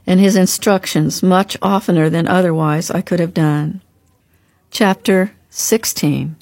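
A woman narrates a storybook in a measured, earnest way. Her voice sits fairly low. The recording is dry and close, with no room sound. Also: darkish tone, dry recording.

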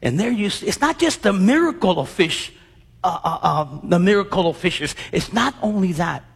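Husky, animated preacher in a large hall. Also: male voice, sits high, moderate pace. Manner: animated, acts out scenes and quizzes the congregation. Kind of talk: sermon.

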